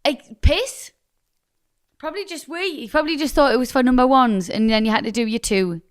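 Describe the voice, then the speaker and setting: A woman's voice: high voice, a little fast, clean tone. A woman co-hosting a podcast, chatting casually, reading out a listener letter and laughing as she goes. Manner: giggly, teasing. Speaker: podcast co-host.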